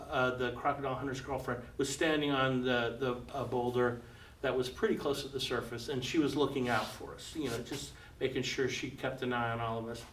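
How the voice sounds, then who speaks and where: An older American man tells a live audience about a personal adventure in a mid-range, fairly bright voice. He chuckles often and acts out the voices of the people involved. The sound is roomy and slightly distant, with a faint background hum.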